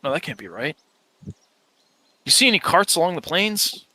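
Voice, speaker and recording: A man voicing a wary adult male woodsman companion who talks in a low-key, cautious way, thinking aloud. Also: very animated, normal speed, bright, forceful tone, exaggerated voice.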